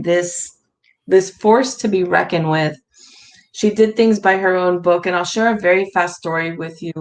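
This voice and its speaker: A woman's voice: medium pitch, poor audio. Woman interview guest, conversational storyteller, easy laughter. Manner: warm storytelling, laughs often.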